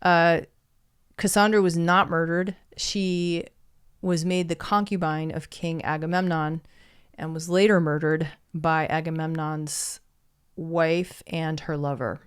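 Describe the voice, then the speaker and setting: A woman's voice: low-pitched, fairly even intonation, takes it slowly, clear, resonant tone. A woman casually retelling an old myth and reflecting on why stories matter, in a thoughtful way. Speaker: storyteller. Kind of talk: reflective storytelling monologue.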